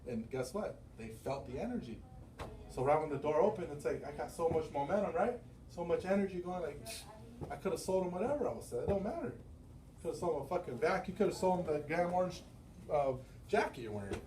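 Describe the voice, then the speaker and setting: Middle-aged male sales boss, loud storyteller, room echo, mic off at a distance. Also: fairly high pitch, fast, slight background noise. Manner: animated storytelling, acting out quotes; loose, profane, laughing often. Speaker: sales manager and business owner. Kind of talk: motivational team meeting talk. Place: meeting room. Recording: roomy, from far off the mic.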